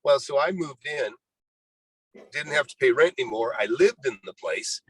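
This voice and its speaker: A man in his sixties, a real estate investor appearing as a guest, rambles through his life story in a storytelling interview, saying "you know" a lot and acting out what people said. His voice is mid-range with a breathy edge and he talks at a normal speed. The recording is dry and low in quality.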